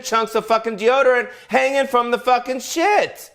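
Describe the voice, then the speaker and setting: A man's voice: extremely high pitch, a little fast, few pauses, a bit bright. A middle-aged man, a comedian, delivering a brash, profane and rambling solo rant from his home. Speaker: comedian hosting his own show. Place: home in Las Vegas.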